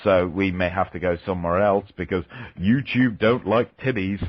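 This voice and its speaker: A lower-voiced man rambles through crude jokes with a mocking edge. His voice comes over dull, lo-fi audio from a call-in show. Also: normal speed, husky, dry recording. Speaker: guest caller. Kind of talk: crude comedic call-in chat.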